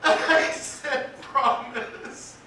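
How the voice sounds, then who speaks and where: A young actor as a grief-stricken young man speaking a stage monologue in a high voice and slow, halting phrases. His lines break into repetitions and swell toward shouting. He is heard from far off in an echoey theatre with noise underneath. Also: fairly even intonation, full character voice. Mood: tender, grieving.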